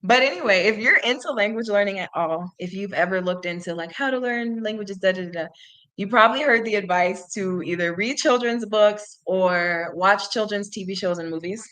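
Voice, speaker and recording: A woman's voice: medium pitch, moderate pace, a bit bright. Giggly woman reading to learners. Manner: giggly, chatty asides. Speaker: channel host reading to learners. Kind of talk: casual livestream read-aloud.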